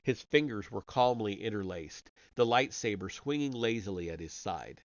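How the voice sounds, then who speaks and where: With lively intonation and a voice on the low side, a man reads a story on a live stream at a moderate pace, hardly pausing. He gives the dialogue light character voices and occasionally slips and restarts. The sound is dry and dull, typical of a lo-fi home mic.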